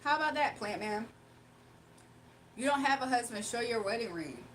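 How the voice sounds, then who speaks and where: Woman reading her live chat, teasing and laughing, kinda high voice, faint room hum behind. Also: lively intonation, normal speed, a bit bright. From Virginia, United States. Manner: playful, sassy, laughs often. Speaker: livestream host. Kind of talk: casual livestream chat reading comments.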